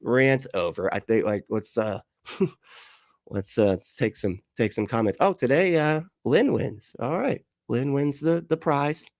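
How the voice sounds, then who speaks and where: A man's voice: medium pitch, unhurried, gravelly, darkish tone, no room sound. A man ranting and laughing through live reaction commentary, profane and exasperated, on a close mic. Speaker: commentary streamer.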